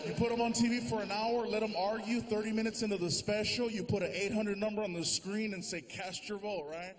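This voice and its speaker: A man doing stand-up comedy on a large theater stage, animated, switching quickly into character voices. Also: high voice. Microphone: stage microphone.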